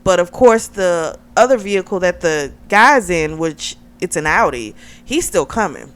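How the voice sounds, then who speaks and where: Smooth-voiced woman chatting through a book. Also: lowish voice, measured pace. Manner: chatty and animated, heavy use of "like", laughs often. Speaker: book reviewer. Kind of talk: casual plot recap.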